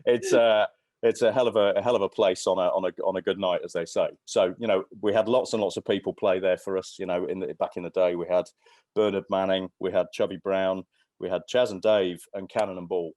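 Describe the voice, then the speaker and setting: Speaking fast with a low pitch and fairly even intonation, this slightly mellow male voice belongs to a podcast guest in his fifties. He tells anecdotes in a loose, rambling chat full of restarts and fillers, and the recording is dry.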